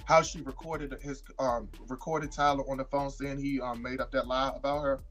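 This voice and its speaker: A woman's voice: normal speed, soft background music. A woman co-hosting a podcast in casual chat, retelling gossip and acting out quotes in a raised voice. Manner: animated, acts out quotes in a higher voice. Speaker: podcast co-host.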